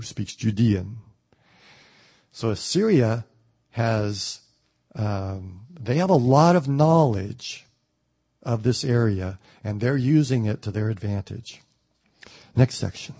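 A man teaching the Bible verse by verse, reading a passage aloud and then explaining it in plain words, with the odd pause and restart. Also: on the low side, animated, warm tone, husky. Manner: thoughtful, with occasional ums and restarts.

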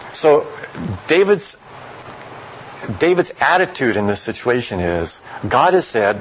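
A man preaching a sermon, reading a scripture passage aloud and then explaining it in a measured, reflective way. His voice sits at an ordinary middle pitch. A faint hum of room ambience stays under it. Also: sing-song, low-quality recording.

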